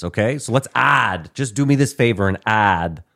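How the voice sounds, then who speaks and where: A man's voice: on the low side, expressive, normal speed, gravelly, pushed and bright. A man co-hosting a podcast in casual chat, making his point emphatically and swearing freely. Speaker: podcast co-host.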